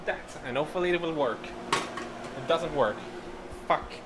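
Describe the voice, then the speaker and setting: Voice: medium pitch, unhurried. Rambling, swearing podcast host in a noisy kitchen. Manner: rambling, laughing and swearing while talking through each step. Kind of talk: casual chat while cooking. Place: home kitchen.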